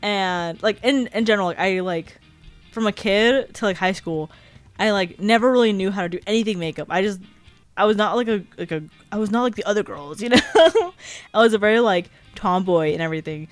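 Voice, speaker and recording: A woman's voice: medium pitch, animated, brisk, no echo, soft background music. A young woman in her twenties streaming a casual chat, rambling with lots of fillers and giggling often. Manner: filler-heavy, frequent "like".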